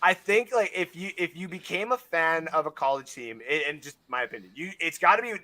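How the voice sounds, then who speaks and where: A man's voice: on the high side, animated, a little fast, bright, forceful tone. A man co-hosting a sports podcast, chatting casually and rambling with many fillers and restarts. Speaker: podcast co-host.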